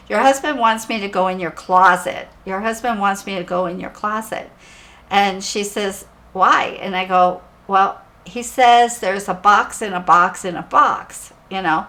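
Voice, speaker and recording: A woman's voice: mid-range voice, bright, forceful tone. A woman psychic medium telling a personal story in a chatty, casual way, repeating phrases and laughing as she talks.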